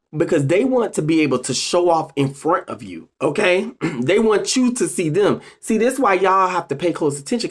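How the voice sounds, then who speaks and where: A video host giving casual motivational advice to viewers, an animated storyteller who keeps addressing the audience directly with emphatic, drawn-out phrases. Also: mid-range voice. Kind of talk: casual motivational talk to camera.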